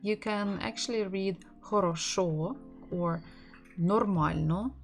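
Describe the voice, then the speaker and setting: Female tutor, unhurried, faint music under her voice. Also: medium pitch, expressive. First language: Russian. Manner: explains patiently, with frequent restarts and small laughs. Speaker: language teacher. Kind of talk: online language lesson.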